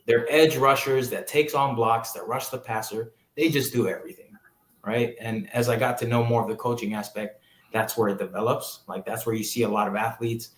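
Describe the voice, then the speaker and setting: A man in his thirties, originally from Hawaii, who talks as a football coach guesting on a podcast. He tells his stories with energy, sliding into the voices of the people he quotes, at a middle pitch. The sound carries a roomy echo. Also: fairly quick. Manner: animated storyteller who acts out quoted people. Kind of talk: storytelling in a casual interview.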